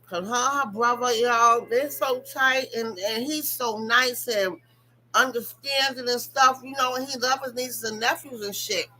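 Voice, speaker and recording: A woman's voice: on the high side, unhurried, bright, forceful tone, a little hiss or hum, low-quality recording. A young woman giving casual, profane reality-TV gossip commentary, talking straight to her viewers. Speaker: commentary channel host.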